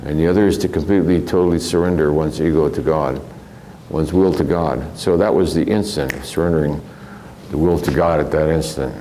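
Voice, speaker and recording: A man's voice: extremely low pitch, steady tone, fairly quick, mellow, a little hiss or hum, rough recording. An older man from the American Midwest giving a rambling, reflective spiritual lecture and often chuckling as he tells stories. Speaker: spiritual teacher.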